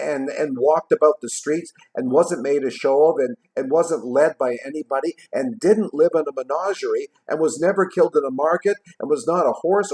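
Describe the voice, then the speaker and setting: A man casually retelling a classic story in a vlog, tossing in jokey asides and trailing off quietly at the ends of his thoughts. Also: on the high side. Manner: chatty, jokey, adds asides while retelling. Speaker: vlogger reading a classic novel aloud.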